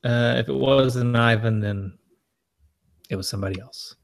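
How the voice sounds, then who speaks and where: A man's voice: mid-range voice, moderate pace, vocal fry. A man, co-hosting a casual podcast and chatting in an easygoing way, laughing often and letting sentences trail off. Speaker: podcast co-host.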